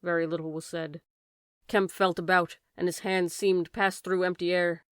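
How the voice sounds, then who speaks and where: Low-voiced woman reading a classic novel. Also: flat delivery, moderate pace, clean tone, dry recording, clean studio sound. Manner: raises voice sharply for shouted lines. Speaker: audiobook narrator. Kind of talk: dramatic audiobook reading.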